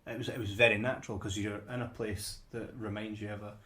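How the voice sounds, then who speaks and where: Lower-voiced man rambling through a film chat. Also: little pitch movement, fast talker, sharp tone. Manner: rambling, repeats words as he builds his point. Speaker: podcast co-host. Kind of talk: casual film discussion.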